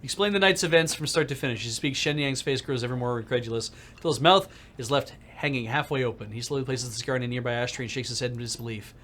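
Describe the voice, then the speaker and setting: A man's voice: medium pitch, fast talker, hardly any pauses, a bit bright. A man streaming a video game who reads the story text aloud and chats casually, thinking aloud as he plays. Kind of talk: let's-play commentary and reading game text aloud.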